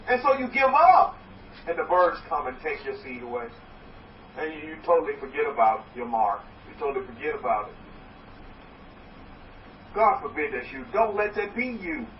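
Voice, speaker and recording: A rabbi with a high-pitched voice delivers a sermon from some distance, his words echoing around a reverberant room. The audio is muffled and dull with faint noise beneath, and he exhorts his listeners in a rambling way, restarting sentences as he goes.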